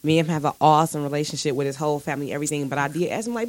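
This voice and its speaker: A woman telling stories in casual, profane chat, animated, with big jumps in pitch. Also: racing, hardly any pauses, no echo.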